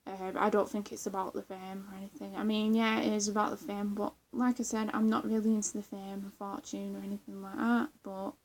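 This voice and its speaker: A woman's voice: mid-range voice, level tone, brisk, hardly any pauses. A young woman chatting casually in a vlog, rambling with lots of fillers, restarts and giggles. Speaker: vlogger. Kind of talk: casual chat.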